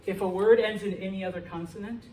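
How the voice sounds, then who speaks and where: A man's voice: high-pitched, fairly even intonation, quick pace, dark tone. A middle-aged man teaching a Spanish class, lecturing and checking in with "okay?" after nearly every point. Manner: checks in with "okay?" and "all right?" often. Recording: echoey classroom, from far off, faint noise.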